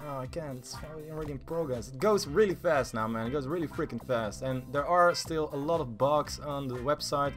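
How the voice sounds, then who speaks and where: Man, excitable gaming commentary, heavy swearing, lively higher voice, faint music behind. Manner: excitable, swears a lot, swings from mumbling to yelling. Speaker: gaming YouTuber. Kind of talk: casual gameplay commentary.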